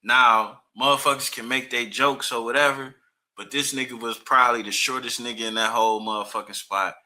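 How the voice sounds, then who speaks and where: A man's voice: medium pitch, fairly even intonation, brisk, bright, forceful tone. A man hosting a reaction video, commenting emphatically in profane street slang.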